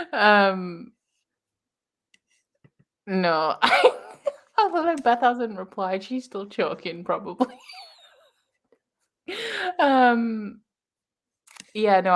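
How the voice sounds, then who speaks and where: A woman with a Northern English accent chats loosely on a reading livestream, giggling often and wandering between topics. Her voice sits slightly low, and she fills pauses with "um" and "like.". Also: fairly bright tone. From Lancashire, England. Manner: giggly, rambling, lots of fillers. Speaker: booktube host. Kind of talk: casual livestream chat.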